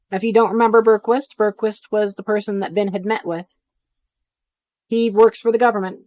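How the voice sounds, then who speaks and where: A woman's voice: mid-range voice, brisk, darkish tone, dry recording. Chatty woman reading a novel on stream. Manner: chatty asides between reading, some stumbles. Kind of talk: live-stream read-aloud with casual asides.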